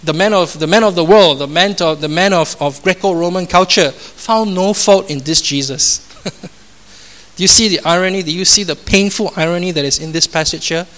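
A male pastor with a fairly high voice preaches a sermon. He speaks with emphasis, repeats his phrases and often puts rhetorical questions to the congregation. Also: normal speed, a bit bright.

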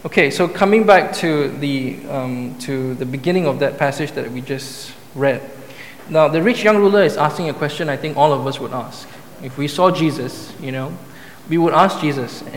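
A man's voice: on the high side, moderate pace, slight background noise. A man preaching a sermon, reading scripture aloud and then explaining it in a conversational way, with many restarts and asides. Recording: echoey hall, faint room ambience.

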